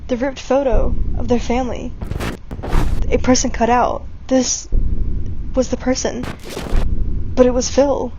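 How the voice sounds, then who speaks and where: A woman's voice: sits high, flat delivery, unhurried, pauses often, mellow, slight background noise. A woman reading a fan fiction story aloud, narrating expressively. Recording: dull recording with background music.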